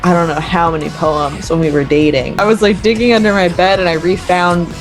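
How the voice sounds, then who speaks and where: A woman's voice: lowish voice, fairly even intonation, a little fast, music in the background. An American woman chatting as a podcast guest in a bubbly, giggly, self-mocking way. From United States. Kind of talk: casual chat.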